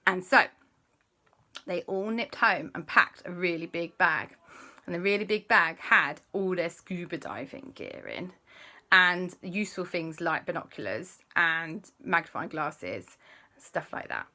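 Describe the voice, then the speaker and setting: Bright, lively woman telling a kids' story. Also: on the low side, moderate pace. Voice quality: expressive and playful, with chatty asides. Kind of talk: telling a made-up story to children.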